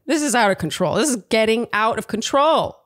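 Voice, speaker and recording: Woman cohost gabbing about a reality show, kinda high voice, dry mic, giggles a lot. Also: lively intonation, brisk, no echo. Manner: chatty, laughs often, trails off mid-sentence. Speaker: podcast co-host. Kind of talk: casual chat recapping a TV show.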